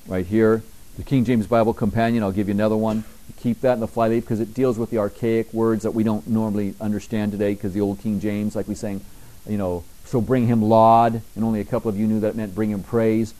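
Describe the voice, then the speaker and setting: A man preaching a sermon in church. He reads scripture slowly and emphatically, rising in pitch and volume, then drops quieter for conversational asides. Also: poor audio. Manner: conversational asides, dropping quieter between readings. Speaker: pastor.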